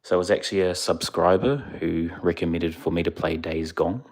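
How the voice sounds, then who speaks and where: A laid-back male streamer, chatting casually with viewers. His voice sits very low, and he rambles a bit, sounding a little sleepy. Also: brisk, a little mellow. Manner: laid-back, rambling, answers chat questions. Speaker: livestreamer. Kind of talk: casual live-stream chat.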